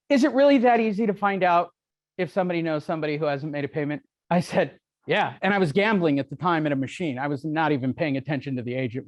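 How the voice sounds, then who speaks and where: A man's voice: fairly high pitch, no room sound, clean studio sound. A middle-aged man giving a live seminar talk to a room, brash, joking and self-deprecating. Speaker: real estate speaker. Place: meeting room with audience.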